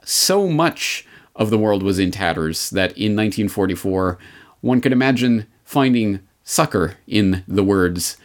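A man hosting a history commentary show, speaking in a measured, deliberate way with sardonic asides. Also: on the low side, expressive. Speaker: podcast host.

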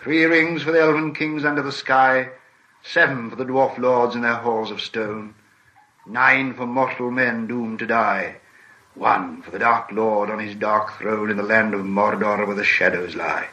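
A man voicing an ancient wizard in an audiobook reading, with a hushed, measured delivery. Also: on the low side, steady tone, rough recording. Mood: solemn chanting. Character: ancient grave male wizard, solemn and commanding.

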